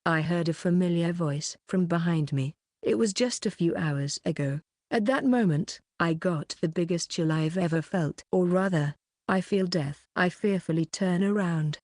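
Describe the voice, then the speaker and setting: Audiobook narrator: woman, lowish voice, steady scripted reading, dry close sound. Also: moderate pace, dry recording.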